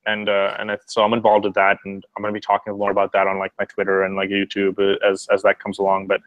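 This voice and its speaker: Fast-talking young man, low and dry. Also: completely flat delivery, no room sound, lo-fi sound. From Montreal, Canada. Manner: rambling, profane, many fillers. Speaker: YouTuber on a live stream. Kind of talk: casual chat.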